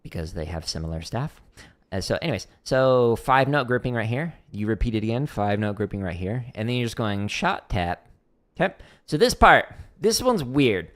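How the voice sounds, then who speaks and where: A man's voice: mid-range voice, moderate pace. A man giving a casual drum lesson on a practice stream, talking through rhythms and singing them out with syllables. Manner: sings out rhythms with vocal syllables; relaxed, thinking aloud with fillers. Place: home practice room. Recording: loud drumming and clicks behind the voice.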